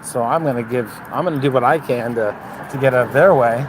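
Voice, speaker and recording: A man's voice: medium pitch, quick pace. A man chatting casually on a livestream while walking his dogs outdoors, swearing freely and talking to the dogs between remarks. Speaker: dog breeder vlogger. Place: outdoors on a city street. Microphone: phone held while walking. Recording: outdoor street noise, traffic. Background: traffic and street noise.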